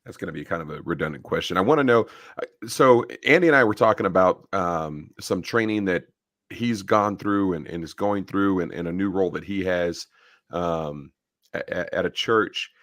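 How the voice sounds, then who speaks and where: A man's voice: deep voice, normal speed, a bit bright, no room sound, clean studio sound. A man hosting a casual podcast interview, asking long, rambling questions and often restarting them. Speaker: podcast host.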